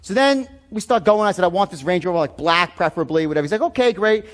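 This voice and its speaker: A middle-aged man giving a sales seminar, telling stories in an animated, blunt way full of profanity. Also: high-pitched, quick pace. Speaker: sales trainer. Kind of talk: seminar talk.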